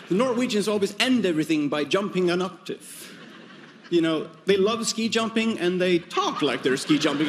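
A man performing a stand-up comedy set before a live audience, animated and imitating foreign speech and swearing. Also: sits high, moderate pace. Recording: noisy live venue.

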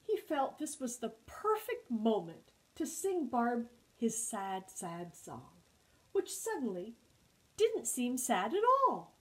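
A woman librarian reading a storybook aloud at storytime, with expressive, animated delivery. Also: fairly high pitch, takes it slowly, poor audio.

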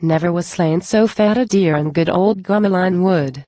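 A woman's voice: fairly low pitch, normal speed, no room sound, clean studio sound, close to an everyday voice. A woman reading the lines of a bold, fearless outlaw hero in a recited poem. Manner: calm and fearless. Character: bold, cheerful outlaw hero Robin Hood.

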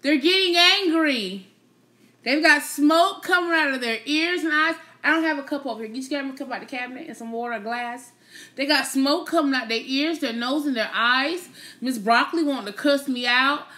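A woman's voice: sits high, moderate pace, bright, forceful tone. A woman hosting a casual live stream, chatting playfully with her viewers, teasing them and laughing often.

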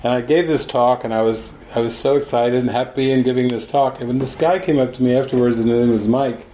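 A man's voice: medium pitch, fast, a little hiss or hum. Man telling a story in an echoey room. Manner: animated storyteller, acts out the voices of people in his stories. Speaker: spiritual teacher. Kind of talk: storytelling talk at a gathering. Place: room at a group gathering.

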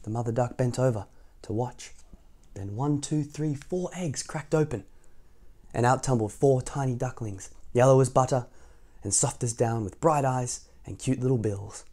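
Mellow-voiced man reading a picture book. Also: mid-range voice, normal speed. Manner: gentle asides to young listeners. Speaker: storytime reader.

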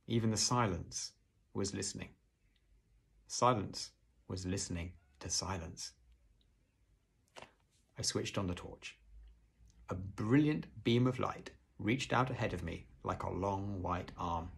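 A man reading a storybook aloud to children in a low, very husky voice. His narration is hushed and suspenseful, and he drops into easy asides to show pictures.

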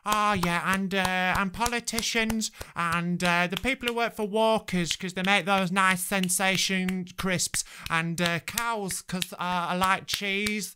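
A British comedian putting on a dopey, over-eager voice to mock people who clap for everything. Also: male voice, high voice, fairly even intonation, slow, hardly any pauses, noisy background. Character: gushing, simple-minded British man who claps for everything.

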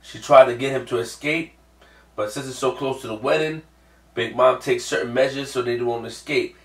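A man hosting a manga reaction, ranting with profanity and swinging from mumbled recaps to yelling. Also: mid-range voice, moderate pace. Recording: echoey room, far from mic.

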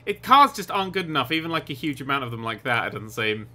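A young man giving excitable, giggly let's play commentary on a game, with sarcastic asides. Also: mid-range voice, rapid-fire, hardly any pauses. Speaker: gaming YouTuber.

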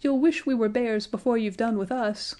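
A woman voicing a crowd of spiteful little sealskin dwarfs in a storybook, shrill and bawling. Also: normal speed, mellow, close to an everyday voice.

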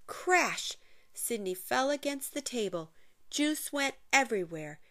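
A woman's voice: a little high, expressive, measured pace. A woman reading a children's picture book aloud, expressively, with playful sound effects. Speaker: narrator.

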